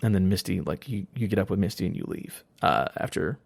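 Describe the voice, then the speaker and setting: A man with a lowish, gravelly voice talks fast in a casual podcast chat, retelling a story and slipping into quoted lines as he goes. The recording is dry and close, with no room sound. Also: expressive, no echo. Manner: rambling retelling of a game plot, quoting characters. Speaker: podcast guest.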